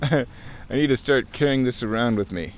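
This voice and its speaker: A chatty, playful man talks his way along a creek outdoors, recorded on a camera he carries as he walks. His voice sits at an ordinary middle pitch. Faint outdoor ambience hums behind him. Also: moderate pace, slight background noise. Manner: playful and chatty, mimics sounds, chuckles often. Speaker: nature vlogger. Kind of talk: casual walking narration.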